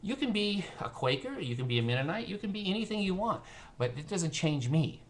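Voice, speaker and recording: A man's voice: sits high, very animated, brisk. An older retired man talking to his camera in a rambling, sardonic monologue, telling stories and laughing at his own jokes. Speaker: vlogger. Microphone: camera mic.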